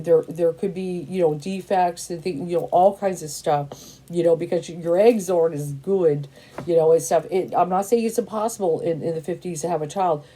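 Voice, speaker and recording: Here a woman in her fifties who reads tarot speaks with a fairly low, mellow voice. Her talk is an emphatic, offhand monologue that repeats itself, sprinkled with "you know" and "and stuff."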